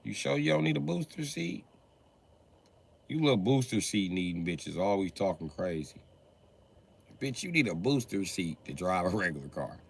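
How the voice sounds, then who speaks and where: A man's voice: low-pitched, sing-song, moderate pace, vocal fry, slightly rough. A man doing a profane, mocking comedy rant on a live stream, often laughing as he talks.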